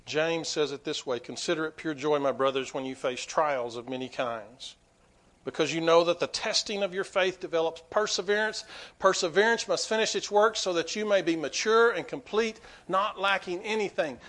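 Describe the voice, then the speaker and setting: A man preaching a sermon to his congregation, swinging between quiet asides and loud, emphatic peaks. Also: fairly high pitch, moderate pace. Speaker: pastor.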